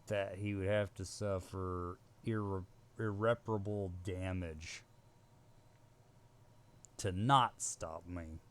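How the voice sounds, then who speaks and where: A man's voice: sits low, steady tone, slow, long pauses. A male streamer chatting casually while playing a video game live. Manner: casual, chatty, talks to himself. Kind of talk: live gameplay commentary.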